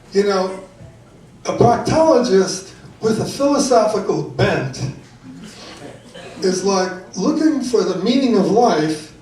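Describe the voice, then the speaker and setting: An older man performing a stand-up routine with slow, deliberate joke delivery. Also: high voice, a little mellow. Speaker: stand-up comedy student. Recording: echoey room from a distance, audience.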